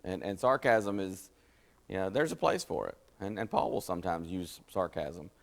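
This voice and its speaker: A man's voice: normal speed, vocal fry. A man leading a Bible study in a conversational teaching style, explaining scripture and acting out the quotes. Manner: folksy, explanatory, acts out scripture quotes with rising pitch. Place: church meeting room. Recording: church hall with long reverb.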